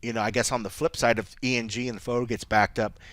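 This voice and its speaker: A man's voice: medium pitch, flat delivery, quick pace, fairly bright tone, no echo. A man co-hosting a podcast in casual chat, rambling with lots of "like" and restarts. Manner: rambling, restarts often, says "like" a lot. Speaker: podcast co-host.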